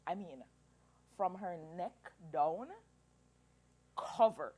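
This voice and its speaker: A woman in her thirties telling a personal story as an interview guest, animated and emotional, laughing through tears. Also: fairly low pitch, extremely slow, husky. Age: 30s.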